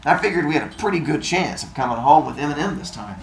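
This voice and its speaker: A man's voice: a little high, lively intonation, fast talker, creaky. A man reading a novel aloud, stopping to explain things in casual asides. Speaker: reader and host. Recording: roomy room with faint noise.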